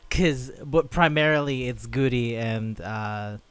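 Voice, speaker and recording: A man's voice: medium pitch, takes it slowly, clear, resonant tone, no room sound. A man co-hosting a podcast in casual chat, swearing freely and acting out quotes as he talks. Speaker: podcast co-host.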